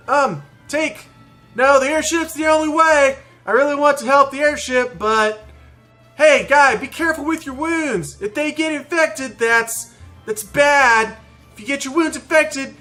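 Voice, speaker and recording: A man voicing a brusque, halting military officer giving orders. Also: very high-pitched, sharp tone, voice pushed up, full character voice.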